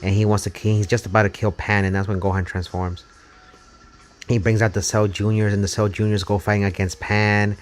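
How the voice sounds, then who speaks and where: A man streaming a mobile game live, talking casually and excitably, swearing and rambling as he plays, over faint game music. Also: on the low side, a little fast. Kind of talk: casual live gameplay commentary.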